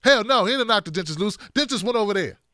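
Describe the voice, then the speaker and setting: A male host doing comedic political commentary in an animated, riffing manner. His voice is fairly high and bright. The recording is close and dry. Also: quick pace, no room sound. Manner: animated, riffing, exaggerated jokes.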